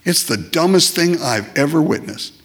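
His voice runs on the high side, husky and expressive, at a moderate pace. The pastor drives his sermon home emphatically, repeating phrases and sometimes performing quick comic voices for worshippers and for God.

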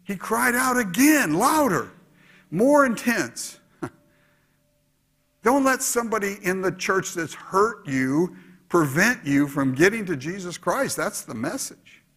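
A man preaching a sermon in a husky, slightly raised voice. His pitch swings widely, sinking low for hushed asides and climbing high when he presses a point. He talks to a congregation in an animated, exhorting way. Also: slow. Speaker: pastor.

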